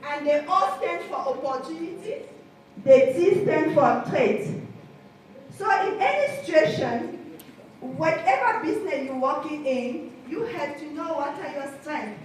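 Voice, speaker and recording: A woman's voice: high voice, unhurried. A woman with a French accent giving a motivational coaching talk to a live audience, calling out to the crowd and leading them in repeating phrases. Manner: energetic, calls out to the crowd and leads call-and-response. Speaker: life coach. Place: large hall with an audience. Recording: echoey hall, far from the mic, crowd and noise.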